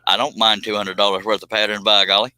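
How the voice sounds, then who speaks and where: Man, low voice, very bright and sharp tone, dry close sound, joking, self-deprecating, live-stream host. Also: flat delivery, quick pace, clear, resonant tone, no echo. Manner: talks while working on a cut. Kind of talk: casual live-stream chat.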